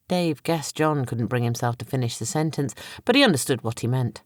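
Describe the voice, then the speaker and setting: A woman narrating an audiobook in a dramatic, measured storytelling manner. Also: extremely low pitch, no echo, studio quality. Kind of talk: scripted narration.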